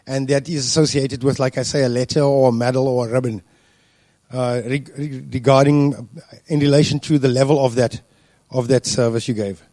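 A man's voice: mid-range voice, fairly even intonation, mellow, no echo. Man preaching with a dry close sound. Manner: deliberate, with frequent fillers and restarts. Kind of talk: sermon.

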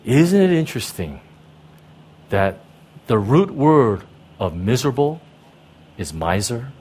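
Animated man preaching a sermon. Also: mid-range voice, slow, husky. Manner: emphatic, repeats key words, keeps asking the listeners "right?". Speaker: pastor.

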